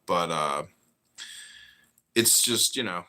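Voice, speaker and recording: A man hosting a podcast in casual chat, animated and mocking, often slipping into put-on voices. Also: sits low, slow. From United States. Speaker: podcast host.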